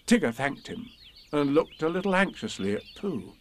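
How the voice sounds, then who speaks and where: A man reading a children's storybook aloud, gently and expressively. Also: on the high side, very animated, moderate pace, a little hiss or hum.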